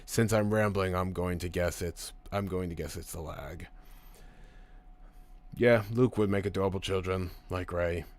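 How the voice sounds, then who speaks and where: Young male streamer with a low voice, casual and foul-mouthed, reading comments. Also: measured pace. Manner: profane, rambling, animated ranting. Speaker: streamer reading live chat. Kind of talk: casual live stream chat.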